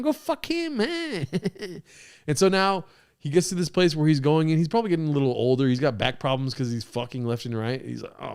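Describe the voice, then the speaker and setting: A man hosting a podcast, reacting to a clip with crude, excitable, rambling commentary. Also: medium pitch, clean tone. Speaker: podcast host.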